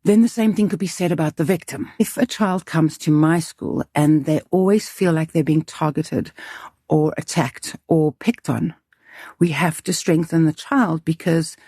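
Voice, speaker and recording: A woman's voice: on the low side, a little slow, warm tone, husky, no room sound, clean studio sound. A woman who runs a school, speaking earnestly and emphatically in an interview, thinking aloud with restarts. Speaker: school leader. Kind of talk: reflective interview talk.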